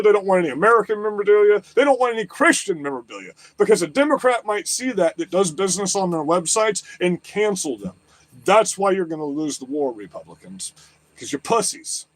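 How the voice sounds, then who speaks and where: Agitated male streamer, foul-mouthed rant, high pitch, dry close sound. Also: expressive, fairly quick, dry recording. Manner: agitated, swears constantly, repeats questions. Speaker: livestream host. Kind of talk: profane political rant. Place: lives in southwest Florida.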